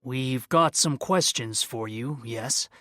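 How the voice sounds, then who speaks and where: A man voicing a police detective who asks questions in a brisk, matter-of-fact way, in an audiobook. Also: mid-range voice, pushed and bright, dry recording, clean studio sound. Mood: businesslike. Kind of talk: audiobook character voice.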